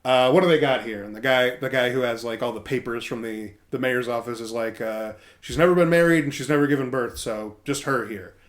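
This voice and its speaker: A man with a medium-pitched voice talks a little fast with few pauses. He's co-hosting a casual podcast and recapping a manga, retelling the story animatedly and slipping into quoted voices along the way.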